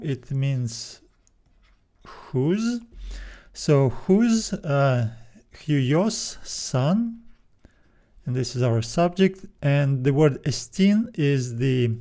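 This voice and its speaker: Mellow-voiced male language teacher. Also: mid-range voice. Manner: patient, slows down to spell out words. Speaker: Greek teacher. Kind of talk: explanatory video lesson.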